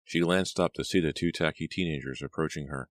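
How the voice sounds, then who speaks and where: A man narrating an audiobook in a steady, even reading. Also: extremely low pitch, a little fast, no echo. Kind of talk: scripted narration.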